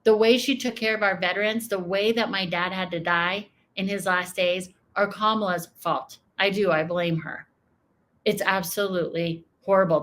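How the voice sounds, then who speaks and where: A woman's voice: on the low side, a bit bright. An American woman giving emotional, emphatic political reaction commentary, often repeating her points. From United States. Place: home.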